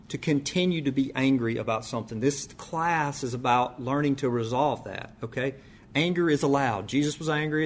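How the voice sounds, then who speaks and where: A man teaching a church class in a sermon style, emphatic and conversational, often acting out the voices he quotes. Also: medium pitch.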